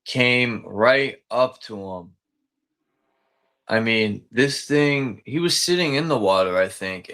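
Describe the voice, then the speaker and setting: A man with a low voice talking in casual, rambling chat. He swears freely, trails off and restarts, and keeps an easygoing, conversational flow. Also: pushed and bright. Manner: rambling, profane, loose and conversational.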